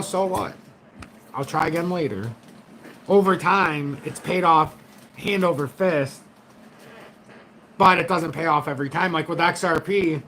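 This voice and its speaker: Middle-aged male host, bright and forceful, blunt and cussing, faint hum behind. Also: on the high side, poor audio. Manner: blunt and profane, frank, talks straight to his audience. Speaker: crypto trading channel host. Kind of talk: casual market commentary to viewers.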